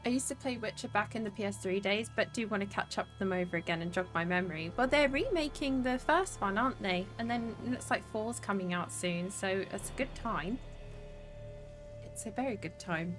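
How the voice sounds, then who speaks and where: A young woman from the south of England with a southern English accent, livestreaming a game and chatting to her viewers. She talks casually, swears freely and laughs often, at a mid-range pitch. Game music plays faintly under her voice. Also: lively intonation, a little fast, fairly bright tone. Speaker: streamer. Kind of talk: casual gaming livestream chat.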